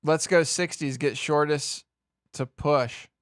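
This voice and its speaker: A young man livestreaming, reacting to market swings with swearing, laughter and excited exclamations. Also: on the high side, slow. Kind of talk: excited live stream commentary.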